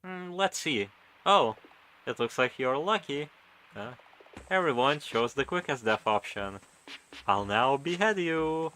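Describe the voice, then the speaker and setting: A man's voice: mid-range voice, animated, a little slow, sharp tone, rough recording. A man voicing a smug, mocking show host. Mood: gleeful. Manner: mocking, theatrical, sing-song. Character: smug cruel male show host staging a trial. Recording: game music behind voice.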